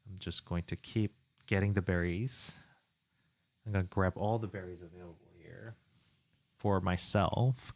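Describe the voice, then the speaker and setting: Low, slow-talking game dev streamer man. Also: gravelly, no echo. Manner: relaxed, muttering to himself, reading chat aloud. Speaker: indie game developer streaming. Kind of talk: casual live-stream chat while working.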